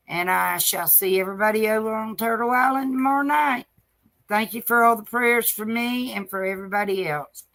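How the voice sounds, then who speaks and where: A woman chats on a home livestream in a slow, unhurried drawl. Her talk is folksy and affectionate, full of fond words for her viewers and her dogs, and dogs can be heard around her. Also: fairly high pitch, fairly bright tone. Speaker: livestream host. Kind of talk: casual livestream chat.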